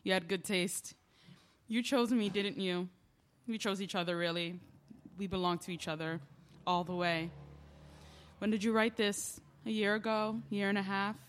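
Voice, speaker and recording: A woman in a stage play who speaks in a confiding monologue. She rambles with emotional feeling, her voice at a mid pitch. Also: flat delivery, normal speed. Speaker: lead character in a stage play.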